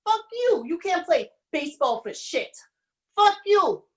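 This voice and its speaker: A woman voicing two brothers shouting curses at each other, on stage. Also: extremely high pitch, sing-song, measured pace, pitched above the performer's own voice, exaggerated voice. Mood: furious. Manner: shouting insults. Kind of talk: solo stage performance. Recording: roomy stage sound, mic far off.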